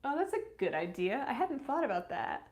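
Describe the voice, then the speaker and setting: A woman's voice: sits high, very animated, brisk. Chatty woman reading her live chat. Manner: chatty, reads comments aloud, thankful. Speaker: streamer answering chat. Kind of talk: casual live stream chat.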